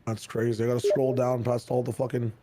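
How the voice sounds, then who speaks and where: A man casually chatting and reacting while co-hosting a gaming stream, blunt and quick with banter. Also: medium pitch, little pitch movement, mellow, slight background noise. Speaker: stream co-host.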